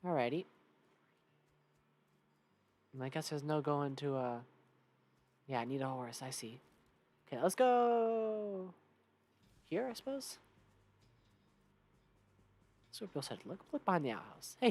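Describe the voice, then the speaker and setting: A woman's voice: very deep voice, animated, fast, a little mellow. Playful woman streamer reading game text. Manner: reads game text aloud, playful and chatty. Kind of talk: casual gameplay commentary.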